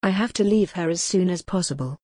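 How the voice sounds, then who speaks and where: A woman's voice: fairly low pitch, brisk, warm tone, no echo, clean studio sound, lightly acted. A woman voicing a confused, frightened young woman in her twenties who pleads anxiously to go home. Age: 20s.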